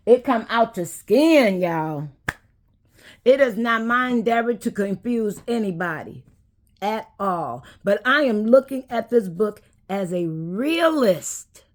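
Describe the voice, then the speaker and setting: A woman, hosting a casual talk and speaking in an unhurried, preachy way that addresses viewers directly. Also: mid-range voice. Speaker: host.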